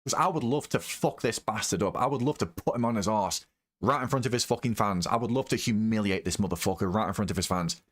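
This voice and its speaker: A man hosting a live reaction, his voice sitting a little low. He rants in an angry, profane stream, repeating himself as his temper rises. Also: quick pace, fairly bright tone. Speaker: reaction video host.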